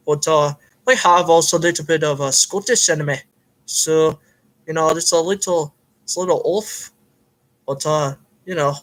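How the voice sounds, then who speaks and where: Man doing a fake Irish fight commentator, hammy play-by-play, high voice, bright tone, rambling with fillers. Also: natural voice, rough recording. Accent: put-on Irish, admittedly a bit off.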